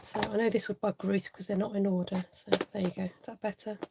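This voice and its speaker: A woman's voice: medium pitch, level tone, fast, gravelly, heavy background noise. A woman hosting a live card-making tutorial, chatting to viewers and laughing often as she works.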